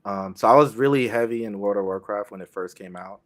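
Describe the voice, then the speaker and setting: Laid-back low-voiced man, full of ums. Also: a little fast, fairly bright tone. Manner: easygoing, many ums and uhs. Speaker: guest streamer. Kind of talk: casual interview chat.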